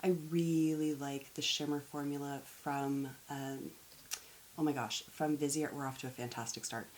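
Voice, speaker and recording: Low-voiced chatty woman vlogger. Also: fairly even intonation, moderate pace, darkish tone, slight background noise, low-quality recording. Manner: chatty, self-deprecating, stumbles over words and laughs at herself. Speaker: beauty YouTuber. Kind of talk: casual chat to camera.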